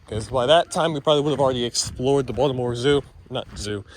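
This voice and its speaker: A man's voice: mid-range voice, quick pace, a little hiss or hum. A man in a casual vlog, chatting and teasing the animals as he walks around an outdoor farm with a handheld camera. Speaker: vlogger. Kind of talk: casual vlog chat while walking. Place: outdoors at a farm or petting zoo.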